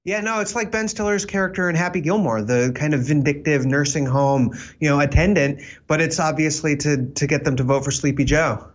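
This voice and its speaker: A man speaking as a guest commentator on a political talk show, halting with lots of fillers and a wry edge. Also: fairly high pitch, lo-fi sound.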